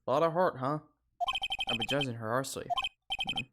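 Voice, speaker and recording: A man's voice: medium pitch, moderate pace, loud music behind the voice. A man streaming a playthrough of a story game, reading the lines aloud and making wry, chatty asides. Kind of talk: let's play with reading aloud.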